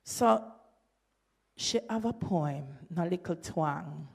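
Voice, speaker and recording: A woman's voice: lowish voice, lively intonation, slow, gravelly, darkish tone, breathy edge. A woman with a Jamaican accent giving a symposium lecture, moving between scholarly phrasing and patois. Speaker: symposium speaker. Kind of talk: academic lecture with asides. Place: lecture hall.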